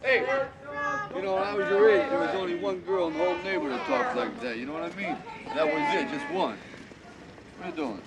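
An actor playing a streetwise young boxer who lectures in plain street slang. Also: male voice, high-pitched, fast, a loud crowd, natural voice, poor audio. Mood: lecturing. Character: streetwise young male boxer, gentle big-brother type. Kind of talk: film drama acting.

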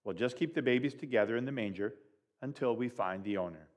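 A man voicing a firm, kindly, practical mother who talks briskly, in a read-aloud story. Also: mid-range voice, natural voice. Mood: reasoning.

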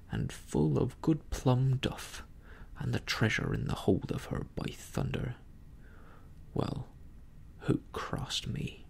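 A storyteller voicing a cunning, scornful old male pirate captain in a slow, contemptuous whispered role-play. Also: medium pitch, gravelly, a little mellow, husky, full character voice.

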